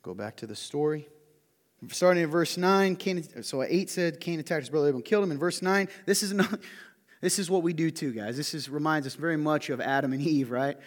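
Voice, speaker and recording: A male pastor preaching a sermon in an animated way, often putting questions to his listeners. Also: on the high side, a little fast, in a large hall. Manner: animated, asks the audience questions.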